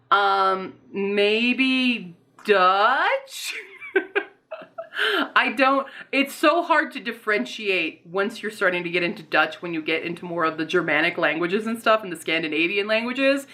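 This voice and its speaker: A woman chatting casually in a Q&A vlog, bubbly and rambling, restarting her sentences as she thinks. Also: mid-range voice. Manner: talks softly and coos to her pets. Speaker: booktube author and vlogger.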